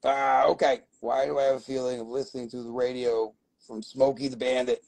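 Middle-aged male live-stream seller, raspy fry in the voice, rambling and foul-mouthed. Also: mid-range voice, little pitch movement, brisk, a little mellow, no room sound, poor audio. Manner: rambling and profane, swearing often. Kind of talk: casual live sales stream.

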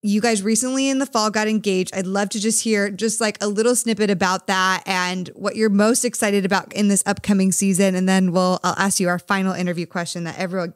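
A woman's voice: medium pitch, fairly even intonation, a little fast, hardly any pauses, no room sound, clean studio sound. A woman hosting a faith-based podcast, chatting enthusiastically and affirming her guests with frequent laughs. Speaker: podcast host.

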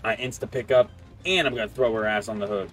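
This man streams games with casual commentary, trash-talking and poking fun at his opponents over game music. His voice is fairly low in pitch but a bit bright, and he talks fast.

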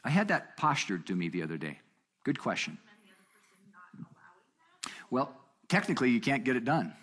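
A middle-aged man teaching a marriage seminar in a conversational way, telling a story with quoted dialogue and jumping up in pitch for emphasis. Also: normal speed, slightly rough. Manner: animated, jumps up in pitch for emphasis.

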